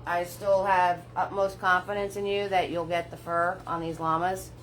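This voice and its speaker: A painting instructor leads a live paint-along class, chatty and encouraging, talking herself through each brush step with little laughs. Her fairly low voice is level and a bit bright, and her delivery is slow and unhurried. The recording is rough, with a little hiss or hum.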